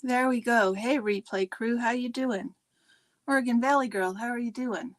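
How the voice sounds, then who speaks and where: A woman's voice: a little high, moderate pace, no room sound. A woman hosting a casual livestream, chatting and greeting viewers by name. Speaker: livestream host.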